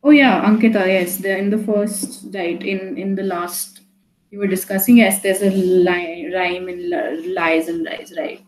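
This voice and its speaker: A woman's voice: medium pitch, fairly even intonation, a little slow, echoey room, a little hiss or hum, rough recording. A woman teaching a live online poetry class, talking casually with many fillers and restarts, often checking in with "right?".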